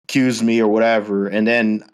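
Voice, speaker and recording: A man's voice: fairly low pitch, level tone, normal speed, smooth. A man hosting a podcast, ranting heatedly with a lot of swearing in casual chat. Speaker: podcast host.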